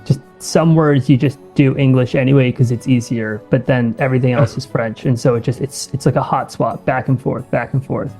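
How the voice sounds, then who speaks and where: Relaxed male player, mid pitch, mellow and self-deprecating. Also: brisk, few pauses, soft background music. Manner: easygoing, self-deprecating storyteller. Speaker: podcast guest player. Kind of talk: casual chat.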